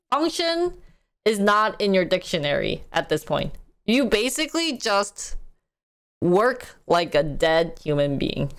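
A young woman with a Korean accent talks through her week in a loose, chatty podcast style, full of fillers and quick laughs. Her voice sits a little low for a woman. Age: young adult. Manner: chatty, animated, laughs often, many fillers. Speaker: content creator and streamer. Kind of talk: casual podcast chat.

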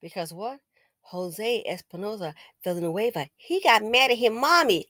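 A woman talks through a news story in a casual, indignant way, scolding and tossing out sarcastic exclamations. Her pitch swings widely from low mutters to high whoops. The recording is dry, with no room sound. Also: expressive, normal speed, a bit bright, no echo. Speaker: commentator.

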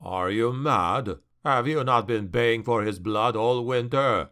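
A man voicing a scornful, imperious male dark elf warlord in a fantasy audiobook, speaking slowly and with contempt. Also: mid-range voice, smooth, voice pushed down.

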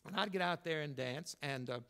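An older man preaching a sermon as pastor, telling folksy stories and swinging between emphatic lines and quiet asides. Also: fairly quick, clean tone. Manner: folksy storytelling, rising to emphatic then dropping low.

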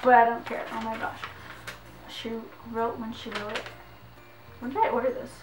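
A young woman, chatting excitedly through an unboxing vlog, giggling and saying "like" a lot. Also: a little high, moderate pace, recorded from a distance. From Canada. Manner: excitable and giggly, heavy use of "like". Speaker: vlogger. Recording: echoey room, voice off-mic, faint music.

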